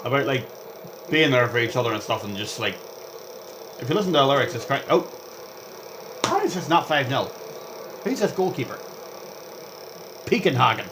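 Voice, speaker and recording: A young man rambling through gameplay commentary as a vlogger, chatty and excitable, jumping between topics and reacting aloud to the game. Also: mid-range voice, normal speed, long pauses, noisy background. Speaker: gaming vlogger.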